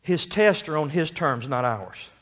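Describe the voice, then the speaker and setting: A man's voice: a little high, expressive, measured pace, a bit bright. A man preaching a sermon, telling a story and asking rhetorical questions.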